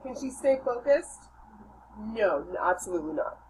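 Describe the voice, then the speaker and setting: A woman's voice: mid-range voice, expressive, normal speed, a little mellow, a little hiss or hum, poor audio. A woman teacher questioning her class in a casual, prompting way about a passage they just read.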